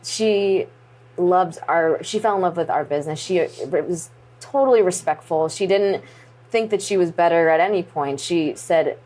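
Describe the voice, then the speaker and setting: A woman's voice: on the low side, normal speed. A woman wrestler as an interview guest, telling a story in casual chat with lots of "like" and "you know". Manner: animated, acts out quoted voices; many fillers like "like" and "you know".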